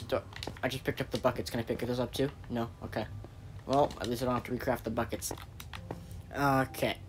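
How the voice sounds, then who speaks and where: A man narrates his own gameplay in a loose, joking ramble, trailing off and restarting as he goes. His pitch sits in an ordinary middle range. Faint keyboard clicking can be heard behind him. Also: noisy background. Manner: rambling, jokey, self-interrupting. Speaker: gaming channel host. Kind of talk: gameplay commentary.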